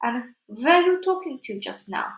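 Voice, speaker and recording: A woman's voice: high-pitched, big pitch swings, moderate pace, a bit bright, highs cut off, voice pushed up. A woman voicing a cruel, imperious female witch who snaps out commands, heard in an echoey room. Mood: snappish. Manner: snapping, commanding. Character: evil imperious female Grand High Witch, cruel and snappish.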